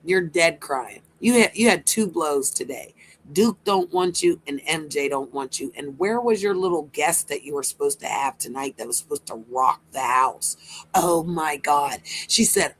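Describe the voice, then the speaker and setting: A woman's voice: sits low, lively intonation, unhurried, a little hiss or hum, rough recording. A woman doing livestream commentary, taunting and mocking a rival with sarcasm and swearing. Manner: talks to a rival by name.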